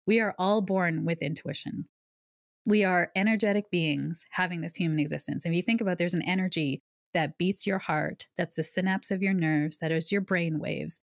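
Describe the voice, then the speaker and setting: A woman's voice: on the low side, moderate pace, vocal fry, dry recording, clean studio sound. A woman guest on a podcast, a psychic medium, telling her story and explaining ideas in an earnest, conversational way. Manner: earnest, explanatory, with lively asides.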